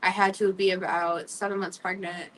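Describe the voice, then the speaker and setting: A young woman hosting a talk show, telling her own story candidly and emotionally, halting often with fillers. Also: medium pitch, little pitch movement, fairly bright tone, recorded from a distance, slight background noise, poor audio. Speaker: podcast host. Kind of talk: personal storytelling.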